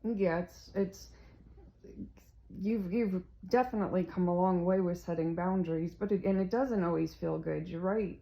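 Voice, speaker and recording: A woman's voice: lowish voice, moderate pace, creaky. A woman therapist in a counseling session, speaking in an affirming, supportive way, on a dull lo-fi recording.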